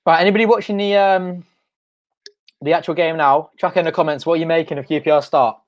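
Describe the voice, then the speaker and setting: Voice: medium pitch, fairly even intonation, fairly quick, dull audio. Football fan calling the match live. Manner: casual running commentary, talking to viewers. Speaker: host of a fan channel. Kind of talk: live match watch-along commentary.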